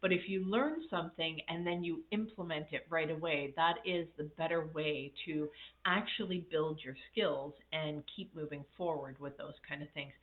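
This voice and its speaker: A woman's voice: low-pitched, moderate pace. A woman life coach on a casual livestream, telling reflective stories with many fillers and a slightly congested voice. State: slightly congested, coughing after illness. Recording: tinny phone-like audio.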